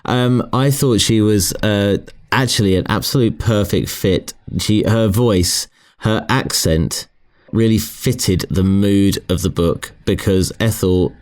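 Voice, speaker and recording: Casting: middle-aged man, very low voice, hesitant podcast co-host, casual chat. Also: slow. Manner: hesitant, many restarts.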